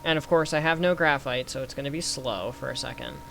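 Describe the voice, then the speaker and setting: A young man giving casual gameplay commentary, thinking aloud through numbers and getting excited when things work. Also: medium pitch, fairly quick, vocal fry. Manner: excited bursts. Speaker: gaming youtuber. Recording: faint background noise.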